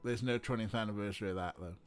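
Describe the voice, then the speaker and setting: A man's voice: on the low side, steady tone, rapid-fire, clean tone, faint music behind. A man streaming an adventure game, making joking asides and laughing at the dialogue. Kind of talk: casual let's play commentary.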